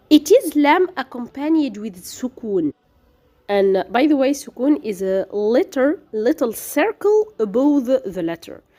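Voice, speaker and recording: In a recorded lesson on how letters are pronounced, a woman who teaches tajweed speaks slowly in a lively voice that's on the high side. Her delivery is hesitant, full of fillers and restarts as she sounds out each letter.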